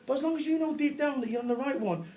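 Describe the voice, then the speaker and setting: A man's voice: extremely high pitch, very fast, mellow. A man with a Manchester accent, from Salford, giving a brash, jokey business talk to a live audience, swearing and laughing as he goes. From Salford, England. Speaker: business speaker. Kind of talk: comic motivational talk.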